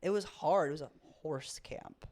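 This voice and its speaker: A woman's voice: low-pitched, moderate pace, a little mellow. A woman from Florida co-hosting a podcast, chatty and joking as she tells a childhood story in casual conversation. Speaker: podcast co-host.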